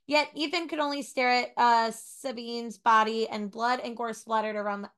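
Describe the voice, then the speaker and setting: A young woman co-hosting a casual book club podcast, chiming in with quick agreement and reading passages aloud. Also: a little high, smooth. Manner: quick agreeing interjections, animated.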